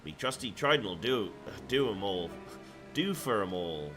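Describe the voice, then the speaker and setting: A gruff, boastful pirate sellsword, as a man puts him on, bragging in pirate speech. The voice sits on the low side. Faint music plays underneath. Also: sing-song, unhurried. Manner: pirate accent with "me" for "my".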